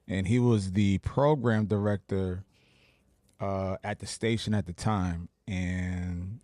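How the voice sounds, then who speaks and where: A man in his forties from New Jersey, a radio personality telling relaxed stories as a podcast guest, with many fillers. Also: sits low, slow, dry recording. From Plainfield, New Jersey. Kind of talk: casual podcast interview.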